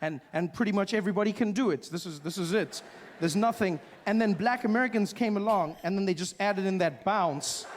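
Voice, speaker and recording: A man from Africa performing stand-up comedy, animated and mimicking voices, recorded live on stage. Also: high voice, fairly quick, big-room sound, a little hiss or hum. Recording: live show with loud crowd. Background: audience laughter.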